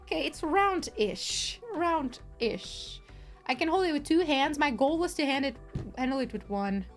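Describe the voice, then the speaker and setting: Woman livestreamer, casual crafting chat, bouncy and animated, giggly and rambling. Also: sits high, fairly quick, faint music behind. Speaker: streamer.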